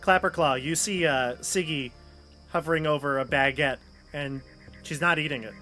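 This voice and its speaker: A man running a tabletop role-playing game as game master, narrating in a loose, relaxed way. His voice sits somewhat high. Soft music plays faintly behind him. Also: normal speed. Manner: relaxed, casual narration with fillers.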